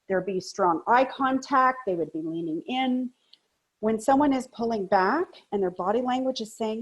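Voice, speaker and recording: A woman coach giving a training presentation in a lively, emphatic, conversational way. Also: normal speed, dull audio. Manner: high-energy, emphatic talker.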